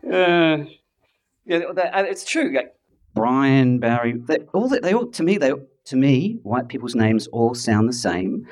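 A man's voice: medium pitch, very animated, unhurried, darkish tone. Wry middle-aged man from Adelaide. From Adelaide, Australia. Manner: wry, self-deprecating, with playful impressions and asides. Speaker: speaker telling his story. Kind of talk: humorous storytelling talk. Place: event hall with audience. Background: audience laughter.

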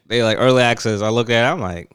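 A man's voice: mid-range voice, level tone, racing, fairly bright tone, clear, resonant tone, no room sound, studio quality. A young man co-hosting a casual chat, talking in laid-back slang and acting out quotes.

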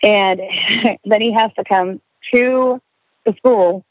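A woman's voice: mid-range voice, slow, dry recording, poor audio. A young woman telling a story in casual chat, swearing freely, laughing and acting out the voices of the people in it.

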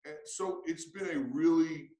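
A man's voice: a little high, unhurried, mellow, reverberant, poor audio. A man who coaches, answering interview questions in an earnest, reflective way with frequent restarts.

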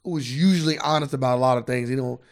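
A man's voice: mid-range voice, quick pace. A man co-hosting a podcast, chatting casually and profanely and reading a news article aloud. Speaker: podcast co-host.

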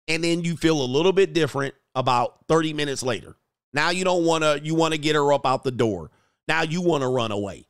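A man's voice: on the high side, animated, normal speed, gravelly, fairly bright tone, no echo, clean studio sound. A middle-aged man hosting a relationship coaching show, giving blunt, profane commentary on a news story and lecturing his listeners.

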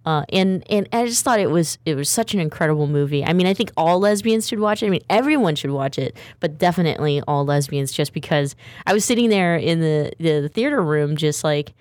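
Woman talk show host, chatty, rambling, low voice, dry sound. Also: expressive, a little fast, a little mellow, dry recording. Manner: chatty, rambling, laughs often. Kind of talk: casual chat.

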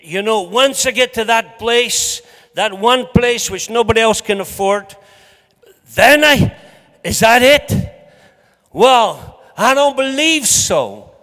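A man's voice: very high-pitched, lively intonation, unhurried, a bit bright. A Scottish man preaching a sermon to a congregation in a chatty, joking, emphatic way. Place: church hall. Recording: hall reverb.

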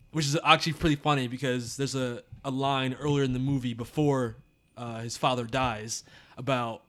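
A man hosting a podcast, chatting casually about a movie, laughing often and talking loosely. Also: medium pitch. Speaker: podcast host. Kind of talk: casual movie review chat.

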